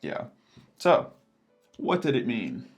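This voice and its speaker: A man co-hosting a poetry lesson with wry asides, reading verse slowly and deliberately. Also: medium pitch, huge pitch swings, breathy edge, soft background music. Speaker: co-host. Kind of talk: scripted educational banter.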